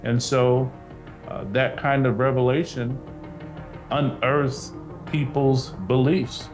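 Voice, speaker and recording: A man in a documentary interview, thoughtfully posing questions. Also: medium pitch. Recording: music bed under interview.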